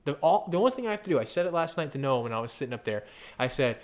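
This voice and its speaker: A male pastor delivering a sermon in a somewhat high-pitched voice, pressing his points with rhetorical questions. He often stammers and restarts mid-phrase and keeps an emphatic, conversational push throughout. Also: big pitch swings, rapid-fire.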